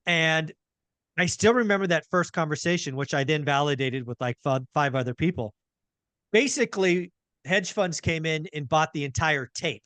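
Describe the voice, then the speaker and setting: A man hosts a casual interview and tells his stories with energy. He acts out his own reactions along the way. His voice is bright and forceful, a little higher than most men's, and it sounds dry and close to the mic. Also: moderate pace, dry recording. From California. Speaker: podcast host.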